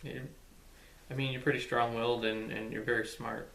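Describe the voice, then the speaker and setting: A man in his twenties answering questions in a relaxed, hesitant way, with short replies and frequent "um"s, during a casual couple vlog. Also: medium pitch, normal speed, distant mic. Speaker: vlog guest, husband. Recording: echoey room, away from the mic, faint hiss.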